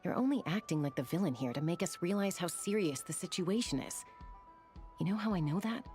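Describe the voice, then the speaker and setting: An actress voicing an earnest young woman ally in a video game, sincere and lively. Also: on the low side, brisk, faint music behind, close to an everyday voice.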